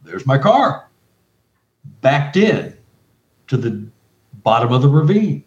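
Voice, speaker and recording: A man, a guest researcher and author, telling an excited story full of quoted dialogue and restarts. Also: mid-range voice, slow pace. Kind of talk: animated storytelling. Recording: roomy, distant, dull remote audio.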